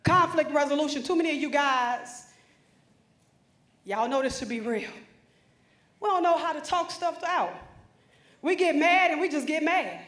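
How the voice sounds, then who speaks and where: On a conference hall stage, a female motivational speaker addresses students directly in an emphatic, preacherly speech. Her voice is high-pitched and fairly bright, at normal speed with frequent pauses, and the recording echoes around the hall.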